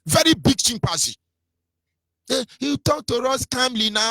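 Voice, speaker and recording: High-pitched nigerian guy ranting on the radio, mocking sing-song delivery, dry close sound. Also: animated, unhurried, sharp tone, dry recording. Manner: fiery, mocking, sing-song rises and drops. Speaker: radio commentator. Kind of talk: impassioned political radio talk.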